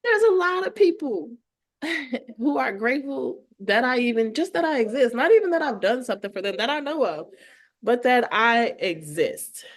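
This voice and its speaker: A woman guest on a podcast, an artist and educator, talking in a heartfelt, animated way and laughing often. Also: fairly high pitch, moderate pace. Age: adult with children. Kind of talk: casual conversational interview.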